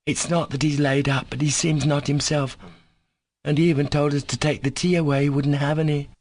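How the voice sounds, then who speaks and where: A man's voice: on the high side, little pitch movement, fairly quick, voice pushed up, natural voice. A man doing an anxious, pleading young woman. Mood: worried pleading. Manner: hushed and pleading.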